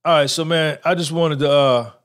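A man's voice: fairly high pitch, fairly even intonation, normal speed, a bit bright. A man hosting a podcast in a casual monologue, blunt and preachy, full of slang and checking in with "right?". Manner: asks for agreement with "right?". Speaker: podcast host.

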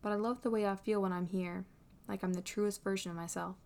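A woman's voice: mid-range voice, fairly even intonation, a little fast, creaky, darkish tone, close to an everyday voice. A woman voicing an earnest young man who bursts into emphatic exasperation, read from a fan story. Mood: wistful. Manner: emphatic, rising to exasperated outbursts.

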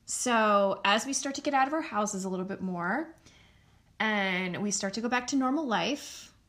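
A young American woman talks on her own podcast in a loose, candid, rambling way. She drifts from one aside to the next and swears without a second thought. Her pitch sits in an ordinary middle range for a woman. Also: expressive, normal speed, fairly bright tone. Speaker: podcast host. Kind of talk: solo casual chat.

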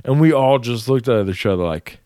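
A man's voice: mid-range voice, animated, fairly quick, dark tone, smooth, dry recording, clean studio sound. A man telling a story in casual podcast chat, swearing and acting out the people in it.

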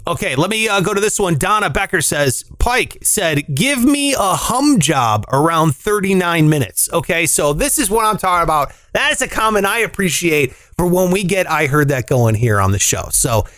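A man co-hosting a podcast, reading out listener comments in casual chat, animated and jokey, swearing and leaping up in pitch when he argues. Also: normal speed, few pauses, dry recording.

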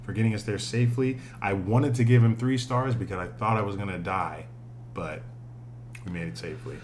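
A man co-hosting a podcast, telling a story in an animated, profane, casual way, laughing often. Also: lowish voice, fairly quick, slight background noise. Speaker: podcast co-host.

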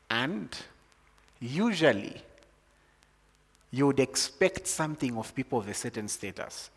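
A man from Zambia preaching a sermon, moving from calm teaching to loud, excited preaching. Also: medium pitch, measured pace, creaky, long pauses, slightly rough, long reverb tail.

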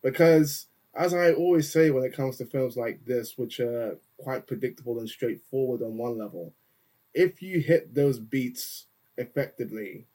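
A man's voice: medium pitch, moderate pace, warm tone. A man co-hosting a casual film review chat, earnest and full of "you know" asides. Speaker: podcast co-host.

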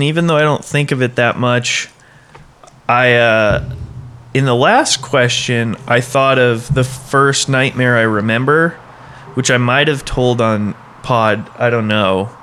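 A man co-hosts a casual podcast in an easygoing, wry way, his voice sitting at an ordinary middle pitch. He drifts into a loose, rambling story. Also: measured pace, bright, forceful tone, clean tone. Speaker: podcast co-host.

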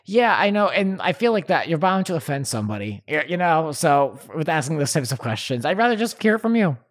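A man's voice: a little high, sing-song, brisk. Candid, hesitant man as podcast guest. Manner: hesitant, restarts often, candid. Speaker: podcast guest, fellow podcast host. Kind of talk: casual podcast chat.

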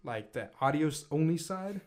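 A man's voice: a little high, animated, normal speed, darkish tone. A young man hosting a casual podcast chat, brash and profane, hyping up his listeners. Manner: brash, profane, hypes the audience. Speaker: podcast host.

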